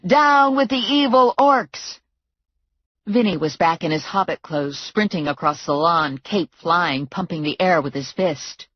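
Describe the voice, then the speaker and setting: A woman with a low voice reads a first-person audiobook in a brisk, wry manner. The sound is close and dry. The recording is slightly muffled. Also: no echo. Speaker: audiobook narrator.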